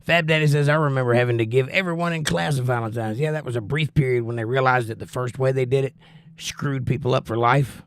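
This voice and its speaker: A man's voice: mid-range voice, fast talker, clear, resonant tone, no echo, clean studio sound. A man hosting a livestream, reading viewers' chat messages aloud and answering them with wry, teasing humor. He is out of breath and coughing while he recovers from the flu. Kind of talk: casual chat.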